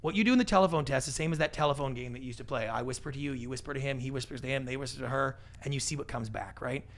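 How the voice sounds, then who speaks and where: Animated, gravelly storyteller man. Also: medium pitch. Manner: animated storyteller, acts out quoted voices, quick asides. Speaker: podcast guest, pitching expert. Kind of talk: casual interview talk.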